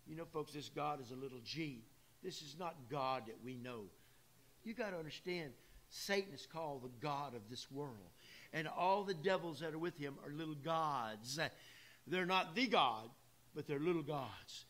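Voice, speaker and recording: A man's voice: a little high, expressive, moderate pace, a bit bright. A man preaching a sermon in plain, emphatic words, talking straight to his congregation. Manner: emphatic, plain-spoken, addresses the congregation directly. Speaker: pastor. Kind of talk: sermon with folksy asides. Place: church.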